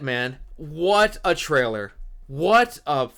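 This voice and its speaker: A young man co-hosting a podcast, ranting excitedly in casual chat and swearing constantly as he keeps exclaiming. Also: on the high side, takes it slowly, vocal fry, clean tone. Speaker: podcast co-host.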